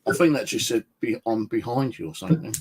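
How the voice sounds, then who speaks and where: A man streaming live from his flat as a ghost hunter, muttering to himself between calls out to spirits. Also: mid-range voice, fast talker, a little hiss or hum, rough recording. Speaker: paranormal investigator streaming live. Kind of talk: casual live-stream monologue. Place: at home in his flat, indoors.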